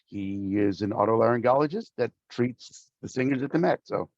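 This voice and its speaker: A man's voice: mid-range voice, moderate pace, no echo. Middle-aged voice actor guy chatting, acts out the voices in his stories, dry dull sound. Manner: animated storyteller acting out quoted voices. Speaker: voice actor guest. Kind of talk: casual interview storytelling.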